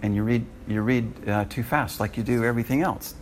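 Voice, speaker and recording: A man teaching a Bible class, joking with the room and jumping into higher voices when he quotes people. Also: a little fast, slight background noise. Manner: animated and joking, rises high when quoting people.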